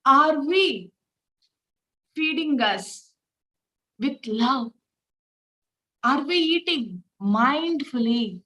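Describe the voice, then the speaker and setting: A woman, leading a spiritual reflection talk through gentle, repeated rhetorical questions. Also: sits high, expressive, very slow, pauses often, rough recording. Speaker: spiritual teacher.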